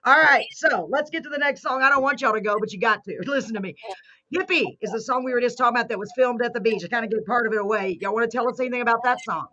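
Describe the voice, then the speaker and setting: A woman's voice: fairly high pitch, dull audio. Bubbly woman hosting a live show. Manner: bubbly, excitable, fast talker. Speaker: host.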